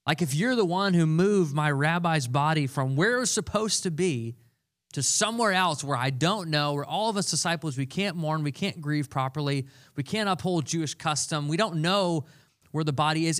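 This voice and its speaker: Young guy pastor preaching, kinda high voice, earnest and chatty, repeats stuff for emphasis. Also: moderate pace, a bit bright. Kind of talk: sermon.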